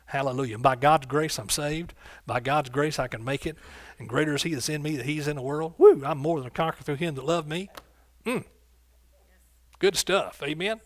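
A man's voice: on the high side, brisk, no echo. Male pastor, fervent call-and-response sermon, dry close sound. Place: church sanctuary.

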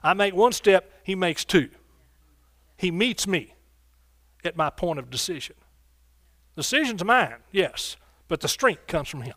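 A man's voice: sits high, expressive, unhurried, pauses often, fairly bright tone, dry recording. A man preaching a sermon as pastor, fervent and exclaiming, calling out to his congregation. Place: church sanctuary.

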